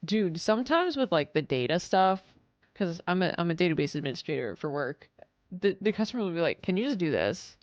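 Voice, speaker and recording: A woman's voice: on the low side, very animated, fairly quick, no room sound, lo-fi sound. A woman streaming live, chatting casually with viewers, reading chat aloud and swearing as she acts out customers.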